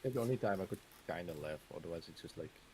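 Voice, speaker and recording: A man's voice: low voice, lively intonation, fast, background noise. A Dutch man chatting casually while gaming, telling rambling anecdotes full of fillers and small laughs. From Netherlands. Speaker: Minecraft streamer's guest or co-player.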